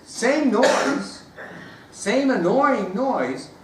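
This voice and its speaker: A man giving a storytelling speech, animated and acting out the voices of the people in it. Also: very high voice, drawn-out words. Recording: roomy echo, distant mic, background noise.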